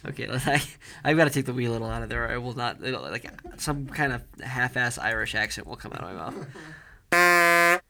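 A man's voice: medium pitch, expressive, normal speed, gravelly, sharp tone, a little hiss or hum. A man co-hosting a comedy podcast, reading erotic fiction aloud, often stumbling over words and breaking into laughter. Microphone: studio mic with headphones.

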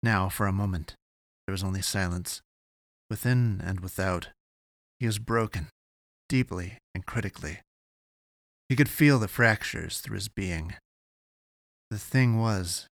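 Low, gravelly male audiobook narrator. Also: normal speed, long pauses, dry recording, studio quality.

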